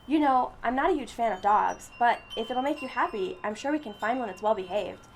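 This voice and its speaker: A woman voicing an old pet cat, gravelly. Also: a little high, animated, fast talker, a little mellow, a little hiss or hum. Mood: eager. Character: aging ailing male pet cat, trusting.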